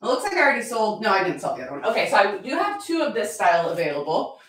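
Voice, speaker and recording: A woman selling at a live-stream auction, bubbly and excitable, often apologizing and thanking her viewers. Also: medium pitch, racing. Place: home room with a chalkboard. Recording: echoey room.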